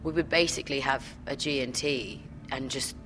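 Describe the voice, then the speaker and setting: A young woman talks through her stories in an interview, her voice sitting low. She laughs easily and gets animated as she goes. Soft music plays faintly behind her. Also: moderate pace. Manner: animated storytelling, laughing often. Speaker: actor guest. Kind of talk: interview chat.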